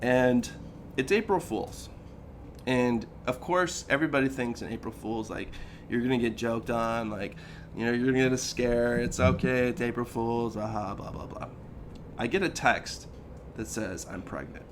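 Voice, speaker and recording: A man in his thirties co-hosts a podcast and tells a personal story in loose, casual chat, acting out the lines he quotes. His voice is mid-pitched and swings up and down as he gets into the story. A faint hiss sits under it. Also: moderate pace. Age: 30s. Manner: animated, acts out quoted lines, says "dude" and "like" a lot. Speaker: podcast co-host.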